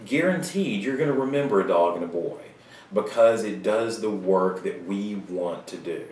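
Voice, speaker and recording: A man giving a recorded writing lecture to students, casual and joking, with quick asides. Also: deep voice, a little mellow. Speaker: writing teacher. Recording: roomy sound from a distant mic.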